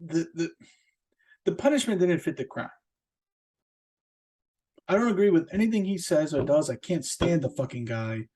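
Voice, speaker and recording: A man talks by himself on his own podcast in a loose, rambling rant. His speech is thick with swearing, fillers and false starts, and his pitch leaps upward whenever he hammers a point home. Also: moderate pace, pauses often, husky. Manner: profane, rambling, with many fillers and restarts; animated, jumping up in pitch for emphasis. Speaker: podcast host. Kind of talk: casual solo rant.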